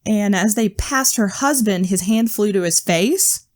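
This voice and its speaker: A woman with a mid-range voice speaks a little slowly. As a podcast co-host, she swaps spooky stories in a relaxed way, cursing frequently and letting out nervous laughs.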